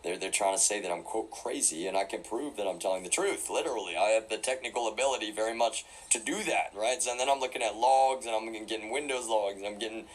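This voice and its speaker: Man, very low voice, rambling live-stream monologue, faint background hum. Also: quick pace, hardly any pauses, poor audio. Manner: rambling, full of fillers and self-corrections.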